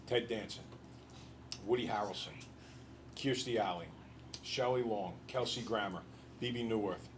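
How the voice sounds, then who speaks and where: A male teacher lecturing a class in an animated, joking storyteller way. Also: fairly low pitch, measured pace, background noise.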